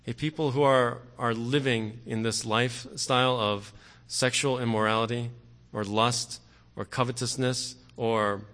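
A man preaching a sermon earnestly, often pausing on "okay" and growing forceful on key words. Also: medium pitch, fairly even intonation. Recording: long hall reverb.

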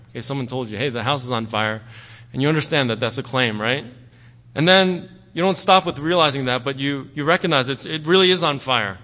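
The recording has long hall reverb as a pastor with a medium-pitched, bright, forceful voice delivers his sermon. He keeps it conversational, regularly checking in with "okay?" and "right?"

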